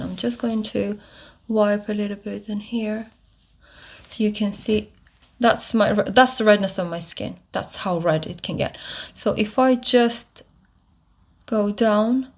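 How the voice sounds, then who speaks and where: A woman talks viewers through her makeup routine at a slow, unhurried pace. Her voice sits in an ordinary middle pitch, and she pauses, restarts and fills gaps with small hesitations as she works. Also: steady tone, a little mellow. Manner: unhurried, many fillers and restarts while demonstrating. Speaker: beauty vlogger. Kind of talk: casual makeup tutorial.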